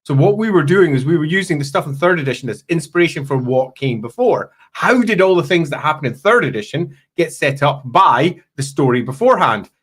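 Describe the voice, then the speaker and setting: Animated man hosting a casual chat. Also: fairly high pitch, a little fast, few pauses, breathy edge. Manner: animated, laughing, rambling asides. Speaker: host and game producer.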